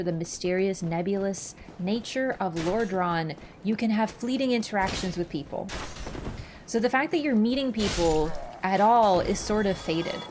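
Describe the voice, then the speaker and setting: A woman's voice: fairly high pitch, noisy background. A woman who chats casually while playing a game on stream. She laughs often and answers her viewers as she goes. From Canada. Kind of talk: casual gaming livestream chat.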